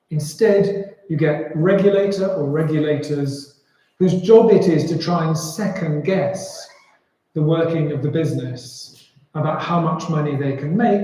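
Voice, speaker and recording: A man speaking at a public panel, telling a fable in an unhurried way with many pauses. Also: fairly high pitch, dark tone. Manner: unhurried, with filler "uh"s and restarts. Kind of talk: storytelling talk at a public panel. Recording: very echoey room.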